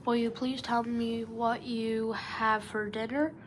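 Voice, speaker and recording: A woman's voice: a little high, little pitch movement, slow pace, slight background noise. A woman voicing a small, polite and curious young male elephant who talks through his nose in a children's storybook reading. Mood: eager. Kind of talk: storybook character voice.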